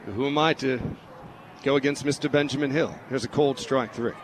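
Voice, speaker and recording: A man's voice: mid-range voice, moderate pace. A man doing radio play-by-play of a baseball game in a playful put-on English accent. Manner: playful mock-British delivery. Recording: radio broadcast with loud background noise.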